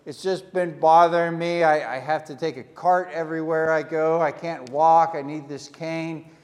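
A man's voice: on the high side, steady tone, darkish tone, lightly acted. A man doing a whiny old man with a bad knee. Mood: complaining. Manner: whiny, drawn-out complaining. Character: older man griping about his aching knee. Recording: echoey hall reverb.

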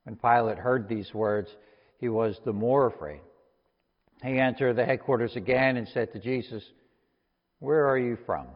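A man reads scripture in a steady, unhurried voice of medium pitch. The recording is dull and lo-fi, with a long reverb hanging after each line. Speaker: scripture reader. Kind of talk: scripture reading.

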